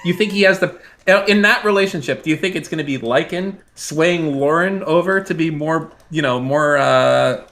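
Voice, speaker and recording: A man's voice: fairly high pitch, moderate pace, a bit bright. A man co-hosting a casual stream chat, talking in a sardonic, profane, joking way. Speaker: stream co-host.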